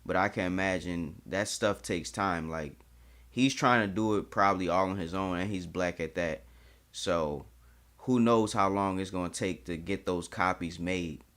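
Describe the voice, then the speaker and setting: A man with a deep, low voice hosting a reaction video. He talks in a candid, chatty way and swears freely. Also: normal speed, a bit bright. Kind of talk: casual reaction commentary.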